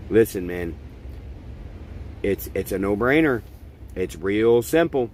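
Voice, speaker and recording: A man's voice: on the low side, expressive, slow, pauses often, a little mellow, a little hiss or hum. Blunt, profane middle-aged man ranting. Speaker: podcast host. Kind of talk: opinion monologue.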